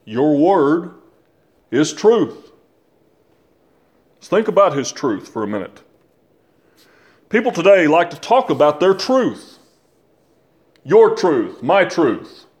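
An older man preaching a sermon, slow and deliberate, repeating phrases for emphasis and asking his listeners questions. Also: on the high side, sing-song, a little mellow. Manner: asks the listeners rhetorical questions.

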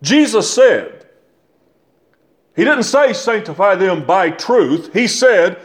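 An older man preaching a sermon, slow and deliberate, repeating phrases for emphasis and asking his listeners questions. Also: high-pitched, very animated. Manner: asks the listeners rhetorical questions.

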